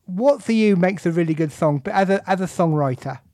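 A man's voice: high-pitched, expressive, brisk, warm tone, no room sound. A man interviewing a guest with short encouraging replies and questions.

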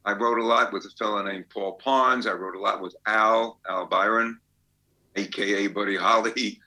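A man's voice: fairly low pitch, steady tone, moderate pace, sharp tone, poor audio. A man in his eighties, a songwriter guest, telling anecdotes in a chatty way and laughing as he goes. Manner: chatty storyteller, laughs as he talks. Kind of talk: anecdotal interview.

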